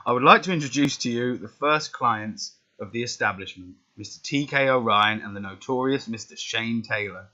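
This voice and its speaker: A man's voice: medium pitch, normal speed, hardly any pauses, bright, forceful tone, natural voice. A man reading out the lines of a smug, lavish male wrestling manager in his plain voice, with no accent put on. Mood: grandiose. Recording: dull lo-fi recording.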